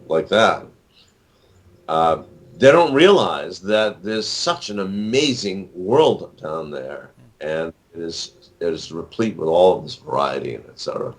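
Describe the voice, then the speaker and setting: A low-voiced author and actor in his sixties talks a little slowly with lively intonation as an interview guest. The casual conversation wanders, with many fillers and restarts.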